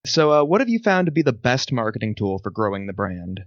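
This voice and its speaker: A man's voice: medium pitch, very animated, brisk, dry recording, dull audio. A man hosting a casual podcast interview, asking questions and giving short, easygoing reactions. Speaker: podcast host.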